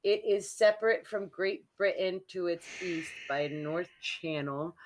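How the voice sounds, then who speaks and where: A woman's voice: fairly low pitch, measured pace, rough recording. A woman co-hosting a casual podcast, giggling often and rambling as she thinks aloud. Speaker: podcast co-host.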